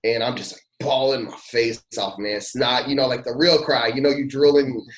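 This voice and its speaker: A man's voice: mid-range voice, fairly even intonation, normal speed. A man, a pastor and podcast guest, tells a personal testimony in an earnest, heartfelt and casual way. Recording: roomy echo.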